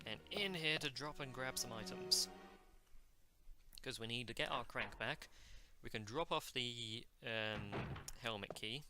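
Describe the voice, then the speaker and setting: A man's voice: mid-range voice, a little slow, over music. Chatty man giving gameplay commentary. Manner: chatty, self-mocking, talks to the enemies. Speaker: let's play host.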